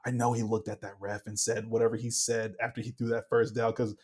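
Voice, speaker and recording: Getting heated on a laid-back sports podcast, this young co-host animatedly performs players' quotes. He talks a little fast in a fairly low, husky voice.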